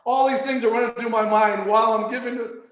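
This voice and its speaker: A man casually telling a personal story on a video call, animated and repeating words as he goes. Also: very high-pitched, quick pace. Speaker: meeting participant. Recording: roomy, muffled video call audio.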